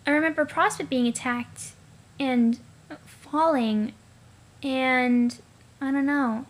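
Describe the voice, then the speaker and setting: A woman's voice: high voice, fairly even intonation, slow. A woman voicing a tired, irritable teenage girl who talks bluntly. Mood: cranky.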